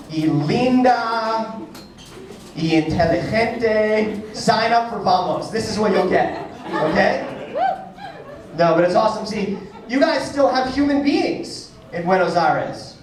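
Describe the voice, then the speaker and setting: Animated New stand-up comic. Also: male voice, high-pitched. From New York. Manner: animated, acts out characters with quick shifts of voice. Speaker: stand-up comedian. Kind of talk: stand-up comedy set. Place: comedy club stage with live audience. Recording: echoey live club recording from a distance, crowd audible.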